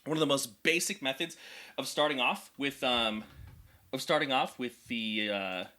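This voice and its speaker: A man talking casually as a vocal coach reacting to a song, chatty and excitable with lots of fillers. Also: mid-range voice, normal speed. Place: indoor room at home.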